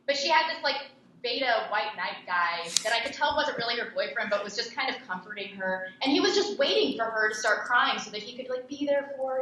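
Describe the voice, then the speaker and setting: Talking fast and expressively, this young woman, a podcast host being interviewed, gives blunt, scornful answers in a slightly high, bright, forceful voice. Her audio has the highs cut off and comes from an echoey room with faint noise.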